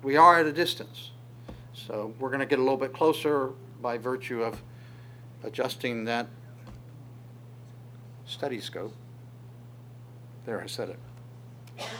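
Guy running a bible study, talks it through slow and halting, faint hum behind. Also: mid-range voice, fairly bright tone. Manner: halting, thinking aloud with many pauses. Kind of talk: informal Bible study teaching.

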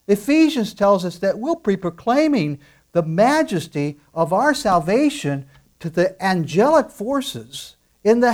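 A man preaching a sermon emphatically, asking rhetorical questions and dropping into soft asides. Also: fairly high pitch. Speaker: pastor.

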